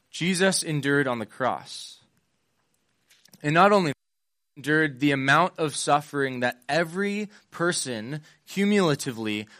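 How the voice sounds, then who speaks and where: A man's voice: fairly high pitch, a bit bright, no echo, studio quality. A young man giving a casual sermon, retelling Bible scenes in modern slang and playing the parts.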